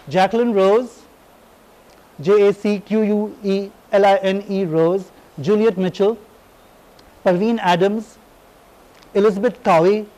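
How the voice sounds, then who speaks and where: Brief: man, high-pitched, delivers a lively, irreverent public lecture full of tangents. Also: low-quality recording. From India. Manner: animated, irreverent, digressive storytelling.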